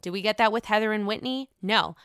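A young woman casually recapping a reality show on her own, blunt and quick to swear, often mimicking people in exaggerated voices. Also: mid-range voice, a bit bright, smooth, dry recording, clean studio sound. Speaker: reality TV commentator. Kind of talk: casual solo recap chat.

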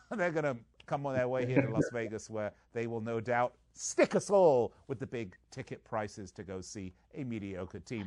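A man's voice: medium pitch, dry recording. A man hosting a sports betting show, chatting casually with wisecracking jokes and playful sales patter. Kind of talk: casual podcast chat.

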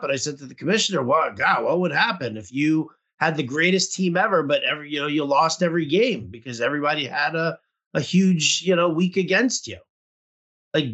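A man's voice: a little high, fairly quick, fairly bright tone. A young man co-hosting a casual podcast chat, rambling with lots of fillers. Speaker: podcast co-host.

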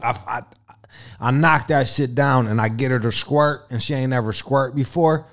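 A man's voice: medium pitch, moderate pace. Crude boastful man telling stories. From Italian heritage. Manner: crude, boastful storytelling with loud bursts. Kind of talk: casual chat.

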